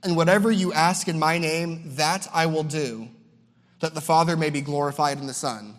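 A young man delivers a sermon in a chatty, animated way, slipping into little impressions of other people and stumbling over repeated words. His voice sits a bit high for a man. The sound carries the long reverb of a large hall. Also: moderate pace. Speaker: guest preacher.

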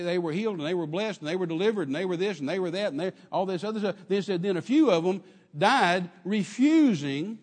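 Preaching a sermon in church, an older man from Texas with a Texan accent tells a story, repeating phrases for emphasis and calling out to the congregation. His voice sits high and a little mellow, with a long reverb tail.

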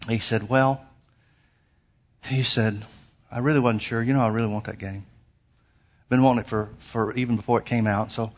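A man preaching a sermon, telling a personal story in an earnest, emphatic way. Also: medium pitch. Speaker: pastor.

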